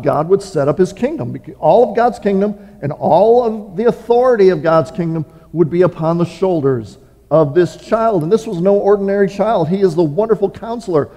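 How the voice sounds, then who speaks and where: A man preaching from the pulpit in an earnest, measured way, pausing often and restarting small phrases. His voice sits fairly high yet sounds warm and mellow. A long reverb from the large hall trails each line. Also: expressive. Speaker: pastor. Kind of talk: sermon with scripture reading. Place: church sanctuary.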